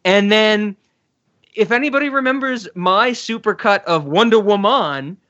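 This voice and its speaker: A man co-hosting a podcast in casual chat, excitable and laughing often. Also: high voice, a little slow, highs cut off. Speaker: podcast co-host.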